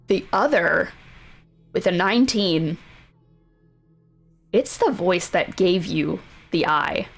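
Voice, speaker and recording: A woman narrating as the game master of a tabletop game, relaxed and easygoing with her players. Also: fairly low pitch, takes it slowly, creaky, pauses often, faint music behind. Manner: easygoing, laughs along with players.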